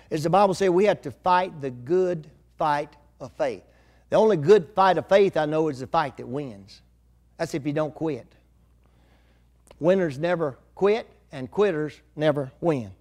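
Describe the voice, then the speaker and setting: Older male preacher, high voice, homespun conversational sermon delivery. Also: expressive, normal speed, darkish tone. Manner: folksy, conversational preaching with rural grammar.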